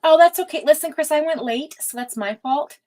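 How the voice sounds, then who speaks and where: A tarot reader livestreaming speaks in a high, slightly mellow voice at a fairly quick clip, and the recording is rough. She rambles affectionately, calling her audience "cutie pie," her speech full of fillers and restarts.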